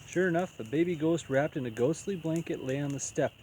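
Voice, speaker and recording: A man reading a children's picture book aloud as storyteller, in an even, unhurried way. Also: on the high side, a little hiss or hum, poor audio.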